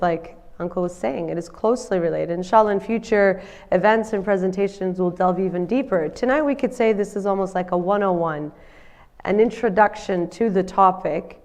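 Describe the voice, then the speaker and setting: A woman counsellor speaks to a live audience, her voice nasal from a cold. She keeps a friendly, conversational tone and often checks in with the listeners. Her pitch sits in a medium range. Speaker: counsellor giving a community presentation. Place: community centre in front of an audience.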